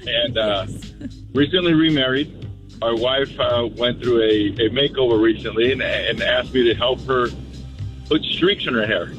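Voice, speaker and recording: A man who works as a mortician, calling a radio show and telling an earnest, halting story. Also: mid-range voice, a bit bright, highs cut off, faint music behind. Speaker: mortician caller.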